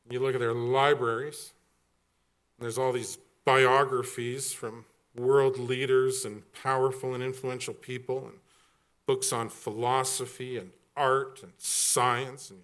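A middle-aged man preaching a sermon as pastor, animated and joking, with quick storytelling asides. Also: medium pitch.

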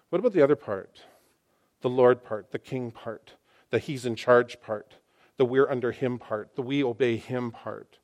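A pastor in his sixties preaching a sermon, swinging between loud exclamations and hushed asides and repeating phrases for emphasis. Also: mid-range voice, normal speed.

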